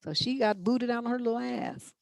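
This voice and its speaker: A woman's voice: a little high, brisk, gravelly, no room sound. A middle-aged woman hosting a relationship advice show, giving blunt, profane, emphatic answers in unscripted chat.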